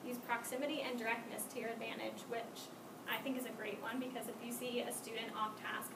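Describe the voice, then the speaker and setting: A woman's voice: fairly high pitch, little pitch movement, a little fast, creaky. A young woman giving a class presentation in a casual, chatty way. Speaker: student presenter. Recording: echoey room, mic far off, noisy.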